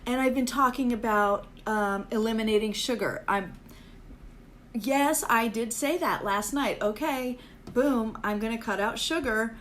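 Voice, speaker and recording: A woman's voice: a little high, unhurried, fairly bright tone, slight background noise. A woman hosting a casual live chat with viewers, rambling and self-deprecating, with a Valley-girl way of talking full of "like" fillers. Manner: self-deprecating, chatty and upbeat. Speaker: livestream host.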